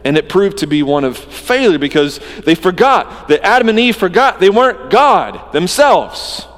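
A man preaching a sermon, earnest and emphatic, swinging between loud stresses and quiet drops. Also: medium pitch, in a large hall.

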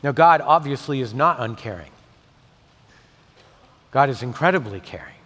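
A male pastor delivering a sermon, swinging from emphatic peaks to soft, intimate tones. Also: medium pitch, expressive, normal speed, slightly rough. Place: church sanctuary. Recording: long hall reverb.

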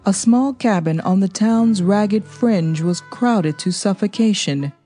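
Mellow-voiced woman reading a novel aloud. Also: mid-range voice, faint music behind. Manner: steady, even, measured storytelling. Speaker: audiobook narrator. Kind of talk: scripted narration.

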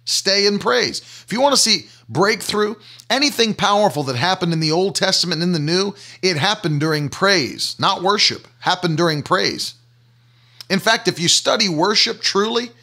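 A man's voice: high-pitched, animated, normal speed, sharp tone. A man preaching a sermon emphatically, repeating key phrases to drive them home.

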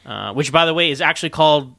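A man co-hosting a casual podcast chat, sharing film trivia in a chatty, animated way and laughing often. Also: a little high, fast talker, gravelly, slight background noise.

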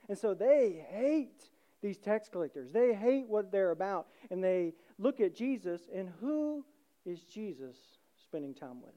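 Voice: medium pitch, warm tone, muffled recording. A pastor giving a sermon in a conversational way, asking rhetorical questions and often adding "right?".

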